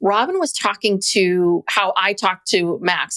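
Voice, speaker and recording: A woman's voice: mid-range voice, lively intonation, a little slow, hardly any pauses, fairly bright tone, dry recording. Chatty woman podcast co-host, dry mic. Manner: chatty, laughs, asks incredulous questions. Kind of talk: casual reality TV recap chat.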